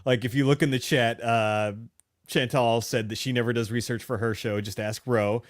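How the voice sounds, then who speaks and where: A man's voice: mid-range voice, fairly even intonation, moderate pace, no room sound, clean studio sound. A man co-hosting a comedy podcast in casual chat, laid-back, swearing often and laughing easily. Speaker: podcast co-host.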